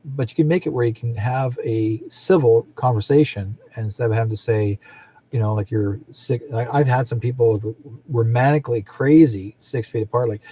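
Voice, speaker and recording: Rambling, chatty man with a husky voice. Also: mid-range voice, moderate pace, warm tone, no echo. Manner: rambling, chatty, laughs often, acts out quoted people. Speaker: psychic show host. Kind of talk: casual livestream chat.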